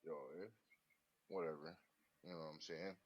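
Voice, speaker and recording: A man's voice: a bass voice, level tone, moderate pace. A man co-hosting a podcast in laid-back casual chat, using slang like "yo" and "man". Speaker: podcast co-host. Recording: dull lo-fi sound.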